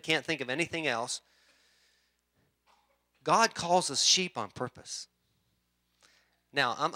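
Bright-voiced male pastor preaching. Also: a little high. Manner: conversational preaching with frequent restarts and throat clearing. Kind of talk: sermon.

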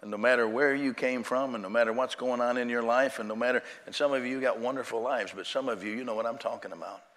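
A man's voice: mid-range voice, fairly even intonation, fast talker, few pauses, fairly bright tone. A man preaching as an evangelist, telling a personal story in a folksy, conversational way with frequent fillers. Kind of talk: sermon storytelling. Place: church auditorium. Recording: long hall reverb.

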